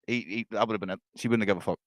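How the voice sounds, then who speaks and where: A man's voice: on the low side, racing, no echo. A man co-hosting a podcast, chatting casually with blunt, sweary, jokey banter. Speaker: podcast co-host. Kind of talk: casual chat.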